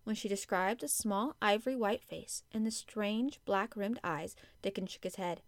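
Female audiobook narrator, measured storybook reading, close dry sound. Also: medium pitch, no echo. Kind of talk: scripted narration.

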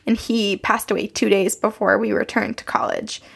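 A young woman with a gravelly, fry-laced voice co-hosts a casual podcast, spinning long personal stories in a chatty, meandering way. She laughs often between her sentences. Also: mid-range voice, level tone, normal speed, fairly bright tone. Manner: chatty, rambling storyteller with frequent laughs. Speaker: podcast co-host. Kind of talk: casual chat, telling personal ghost stories.

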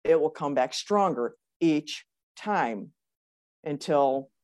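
A woman's voice: deep voice, lively intonation, takes it slowly, a little mellow. A woman hosting a conversation, empathetic and encouraging toward her guest. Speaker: host. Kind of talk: conversational interview.

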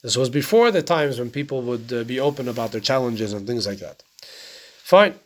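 A man's voice: mid-range voice, lively intonation, fairly quick. A man teaching a casual Torah class, talking conversationally, often asking rhetorical questions and checking in with "right?".

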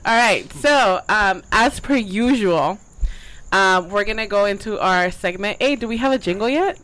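A woman co-hosting a podcast in casual chat, giggly and animated as she leads a segment. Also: medium pitch, normal speed, rough recording. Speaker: podcast co-host. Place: backyard.

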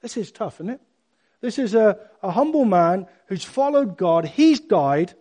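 A middle-aged man preaching a sermon in an emphatic, animated way, with sudden loud bursts. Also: high voice, measured pace.

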